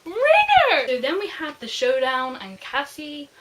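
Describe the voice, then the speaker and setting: A woman's voice: high voice, normal speed, fairly bright tone, a little hiss or hum, rough recording. A young woman gushing emotionally through a casual book review on her vlog. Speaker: book vlogger.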